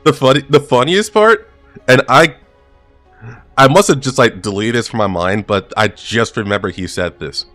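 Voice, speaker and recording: A man's voice: mid-range voice, normal speed, a bit bright, soft background music. A gaming streamer casually telling a work anecdote, laid-back and chuckling as he goes.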